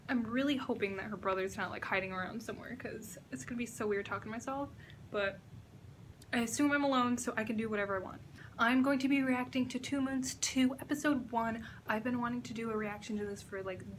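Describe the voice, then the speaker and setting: Gushing young woman with a bright voice. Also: mid-range voice, slight background noise. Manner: excitable and gushing, swears freely. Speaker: reaction vlogger. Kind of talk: casual reaction vlog. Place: indoors at a friend's house.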